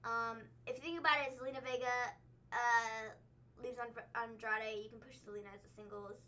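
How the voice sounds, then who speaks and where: A woman co-hosting a casual recap podcast, talking in an animated, sarcastic, ranting way. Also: a little high, a little fast, a little hiss or hum. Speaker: podcast co-host. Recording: slightly dull lo-fi recording.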